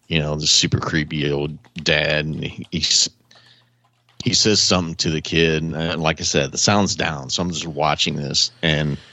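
A man with a very low, deep voice tells a long, meandering story in a loose podcast chat, chuckling as he goes. The sound is dry and close. It comes through as dull, lo-fi call audio. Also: dry recording. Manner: rambling animated storytelling with frequent chuckles. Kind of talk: casual chat. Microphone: remote call audio.

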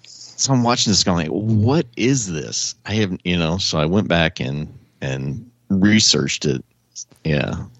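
A man with a very low, deep voice tells a long, meandering story in a loose podcast chat, chuckling as he goes. The sound is dry and close. It comes through as dull, lo-fi call audio. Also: unhurried, no echo. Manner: rambling animated storytelling with frequent chuckles. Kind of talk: casual chat. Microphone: remote call audio.

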